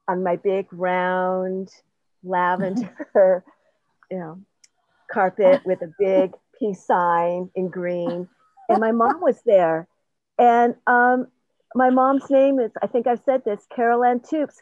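With a mid-range, darkish voice, an older woman in a group session talks casually and earnestly about her own experiences, rambling and often laughing at herself. The sound is muffled and lo-fi, close and dry with no room echo.

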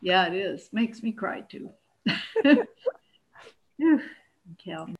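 A woman sharing on a group video call, talking in a hesitant, soft-spoken and earnest way. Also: medium pitch, big pitch swings, takes it slowly, dull audio. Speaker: circle participant. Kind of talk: casual sharing.

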